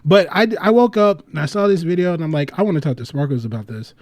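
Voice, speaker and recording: A man's voice: a little high, fast, dry recording. A man from the United States hosting a casual livestream chat, telling rambling stories with lots of laughs and swearing. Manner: animated storytelling, laughs a lot, swears freely; loose, rambling delivery with restarts. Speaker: livestream host.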